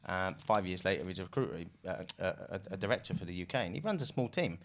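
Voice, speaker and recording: A British business founder talks at a rapid clip in a low voice. He is loose and chatty, laughs easily and swears now and then. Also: expressive. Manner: fast, loose, swears casually, laughs often. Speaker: recruitment business founder, podcast guest. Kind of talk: casual business podcast chat.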